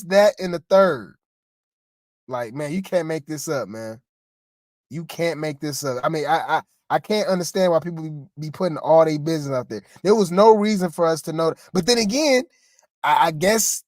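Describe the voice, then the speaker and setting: A rambling, exasperated co-host talks through celebrity gossip in a loose, chatty way, often turning to the listeners. The voice sits in a middle pitch. The sound is dry and close, with no room around it. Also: animated, brisk, no room sound. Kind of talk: casual gossip commentary.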